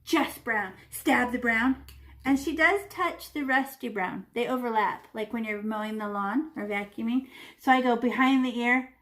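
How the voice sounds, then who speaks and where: A woman leads a children's painting lesson, describing each brushstroke as she makes it. Her voice sits a little high and stays playful, with whooshes and small sound effects as she demonstrates. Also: moderate pace, a bit bright. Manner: talks while painting, demonstrating step by step. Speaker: art teacher.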